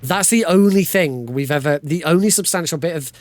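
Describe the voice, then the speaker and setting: A speedrunner streamer with a fairly high voice gives casual, joking live commentary as he plays through a video game speedrun, talking a little fast.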